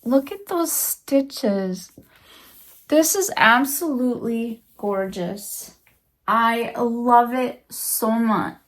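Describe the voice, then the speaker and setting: This crochet vlogger's voice is a little high, with lively intonation and drawn-out words. Chatting casually to camera, she unboxes a handmade gift. Emotional and gushing, she repeats her praise over and over.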